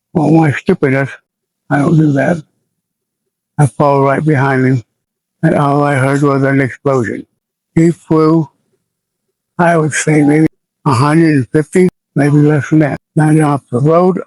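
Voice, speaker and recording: An American man in his seventies, an army veteran recalling his service in a plainspoken, halting and somber way for an interview. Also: fairly high pitch, darkish tone, no echo, low-quality recording. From United States. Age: 70s. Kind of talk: oral history recollection.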